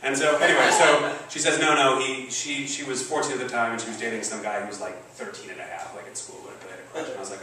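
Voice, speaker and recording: A man's voice: mid-range voice, fairly even intonation, quick pace, background noise. A man in his forties telling a rambling, profane, self-deprecating story on stage in front of a live audience. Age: 40s. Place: stage in a comedy venue. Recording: roomy, distant live venue recording. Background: audience laughter.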